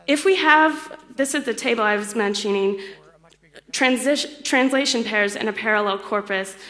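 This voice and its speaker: A woman's voice: mid-range voice, fairly bright tone. A young woman giving a technical lecture at a conference, explaining step by step with fillers and light laughs. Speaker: conference speaker. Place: lecture hall.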